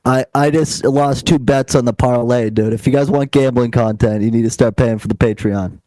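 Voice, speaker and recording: A man's voice: mid-range voice, moderate pace, mellow, no room sound, low-quality recording. A young man co-hosting a podcast, chatting casually and rambling with lots of "like" fillers. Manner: rambling, filler-heavy, laid-back. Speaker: podcast co-host.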